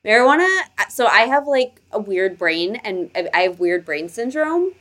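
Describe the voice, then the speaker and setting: A woman's voice: medium pitch, animated, moderate pace, fairly bright tone. A woman co-hosting a podcast, telling stories in casual chat and laughing often. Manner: chatty storytelling, laughs often. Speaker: podcast co-host.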